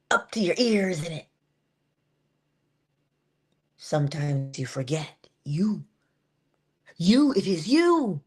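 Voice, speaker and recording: Woman giving a whispery motivational talk. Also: lowish voice. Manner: shifts between full voice and soft unvoiced whisper; drawn-out, emphatic delivery with slowed phrases. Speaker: inspirational speaker.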